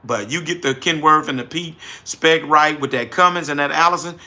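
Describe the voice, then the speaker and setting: A middle-aged man with a New Orleans accent hosting a casual livestream, folksy and animated as he answers viewers directly. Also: fairly high pitch, normal speed, hardly any pauses. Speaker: livestream host, trucking business owner.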